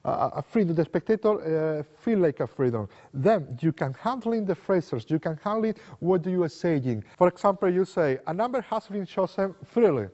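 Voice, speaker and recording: Guy explaining card tricks in non-native english, mellow voice, reverby muffled recording. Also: high voice, fairly quick, hardly any pauses. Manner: animated, acts out sample lines to a spectator; non-native English, simple repetitive phrasing. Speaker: magic teacher. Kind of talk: explaining card magic technique. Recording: long reverb, dull lo-fi sound.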